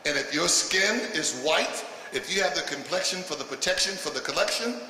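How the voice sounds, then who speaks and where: A man's voice: a little high, lively intonation, a little fast, vocal fry, distant mic. A man doing a stand-up routine for a live audience, punchy and laughing through his own lines as he jabs at the crowd. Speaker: stand-up comedian. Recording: echoey hall with audience noise.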